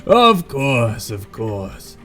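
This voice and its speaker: A man voicing a fawning male slaver who smooth-talks a woman with oily flattery, in a tabletop game. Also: mid-range voice, extremely slow, soft background music, full character voice.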